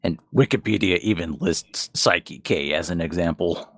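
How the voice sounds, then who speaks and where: Deep, matter-of-fact man. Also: normal speed, fairly bright tone, no room sound, clean studio sound. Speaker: podcast co-host. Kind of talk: casual chat.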